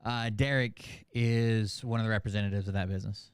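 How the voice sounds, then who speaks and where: A man's voice: fairly low pitch, steady tone, brisk, smooth, no room sound, studio quality. A man hosting a casual reaction commentary show, talking in a rambling, profane, sarcastic way. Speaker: commentary channel host.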